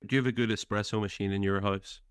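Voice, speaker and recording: A man with a very low, deep voice speaking in a reflective, hesitant way, often restarting his sentences and laughing easily. He talks films in casual chat. The sound is close and dry. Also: fairly even intonation, fast, clear, resonant tone, no room sound. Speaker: podcast co-host and author.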